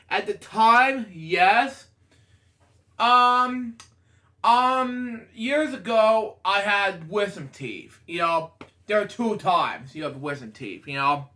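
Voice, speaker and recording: A man reading a picture book aloud, drifting into rambling personal tangents with sudden excited outbursts. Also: high voice. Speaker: reader of a children's book.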